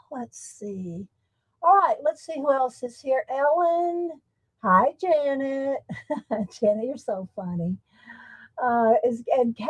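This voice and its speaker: A woman's voice: high voice, no room sound, rough recording. A woman hosting a casual livestream from home, chatting and laughing often while greeting viewers by name. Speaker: livestream host. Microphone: desktop USB microphone.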